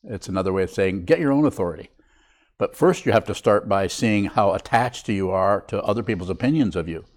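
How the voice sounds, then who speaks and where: An older man, a Buddhist teacher, giving a reflective, unhurried dharma talk to a meditation group. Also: low-pitched.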